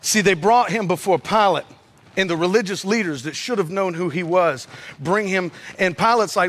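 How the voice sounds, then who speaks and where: A man preaching, his voice pitched high and bright as he acts out each scene. He jumps between shouted sound effects and hushed, low lines, telling the story like a performer. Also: normal speed. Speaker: pastor. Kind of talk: energetic sermon storytelling.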